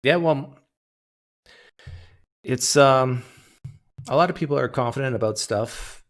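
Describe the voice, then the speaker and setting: A man's voice: mid-range voice, takes it slowly. A man hosting a livestream call-in show, talking in a blunt, wry, conversational way. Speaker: livestream host taking callers. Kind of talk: casual call-in talk.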